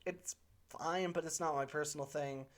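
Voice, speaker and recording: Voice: medium pitch, fairly even intonation, normal speed. A channel host answering viewer questions in a casual, unscripted monologue, rambling and opinionated, with frequent fillers and self-corrections.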